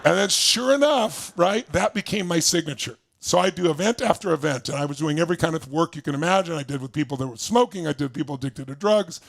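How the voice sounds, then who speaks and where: Older male motivational speaker with a raspy edge, lively and audience-engaging. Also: on the high side, fast talker, hardly any pauses. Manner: animated, asks the audience questions, laughs often. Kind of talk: storytelling seminar talk.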